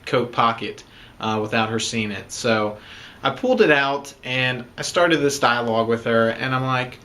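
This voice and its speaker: Young man, casual storytelling, rambling with fillers, mid-pitched voice. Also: normal speed, pushed and bright. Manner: rambling, many fillers like "you know" and "um". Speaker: groom-to-be telling the proposal story.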